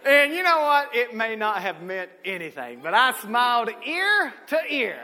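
Preacher with a bright, high voice. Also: male voice, sing-song, unhurried. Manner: swings from shouted peaks to low asides, folksy storytelling. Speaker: pastor. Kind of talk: sermon. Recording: echoey hall.

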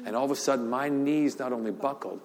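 An older man tells a story during a sermon, fast-talking, mid-range and a little mellow, laughing often and repeating words. The large church hall gives long reverb, and there's a little hiss or hum.

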